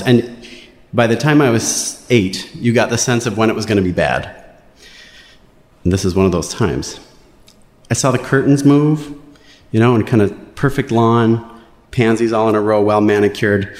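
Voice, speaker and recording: A man's voice: lowish voice, moderate pace, long pauses. Wry male storyteller in an echoing hall. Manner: wry, animated, playing quotes in raised voices. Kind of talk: live personal storytelling. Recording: roomy hall reverb.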